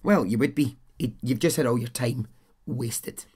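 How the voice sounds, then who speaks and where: A man's voice: medium pitch, moderate pace, a little mellow, slightly rough. A man hosting a podcast, telling a true-crime story in a chatty, blunt way, swearing and adding his own asides. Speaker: podcast host.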